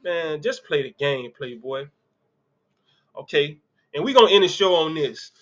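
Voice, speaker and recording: A man's voice: a little high, lively intonation, measured pace, a bit bright. A man hosting a casual sports live stream, talking loosely through college football results and reading viewer comments with offhand asides. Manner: loose, conversational, reads comments aloud with asides. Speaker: sports show host.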